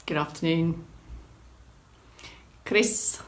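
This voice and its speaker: A woman's voice: deep voice, very slow, a little hiss or hum. A woman exercise instructor hosting a live-streamed movement class, chatting through viewer comments and giving encouraging prompts. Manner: encouraging, gives clear prompts.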